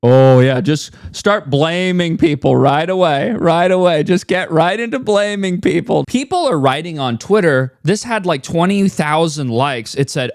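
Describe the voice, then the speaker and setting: A man's voice: on the high side, animated, unhurried, few pauses, dry recording, studio quality. A man giving a mocking, incredulous reaction commentary on a streamer's clip.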